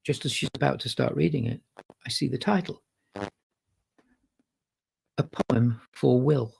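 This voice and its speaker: A man, a guest musician, telling animated anecdotes in a casual podcast chat. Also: medium pitch, takes it slowly, vocal fry, breathy edge. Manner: animated storyteller, acts out quotes. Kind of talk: anecdotal storytelling.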